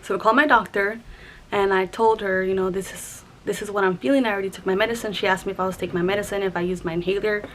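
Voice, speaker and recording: A young woman vlogger telling a personal story to camera in a halting, conversational way, with many restarts and fillers. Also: mid-range voice, fairly even intonation, slight background noise, low-quality recording.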